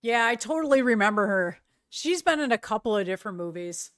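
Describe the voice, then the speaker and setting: A woman's voice: medium pitch, animated, fairly quick, fairly bright tone, dry recording, clean studio sound. A middle-aged woman streaming live, chatting casually with viewers in a rambling way and often searching for words.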